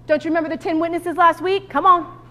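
Woman, pastor, sermon, very high voice, animated, calls out to the crowd. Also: fast. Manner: animated preaching with call-and-response asides.

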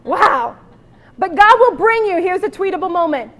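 A woman pastor delivers a lively sermon in a very high voice. She preaches with animated asides and calls out to the congregation. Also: normal speed.

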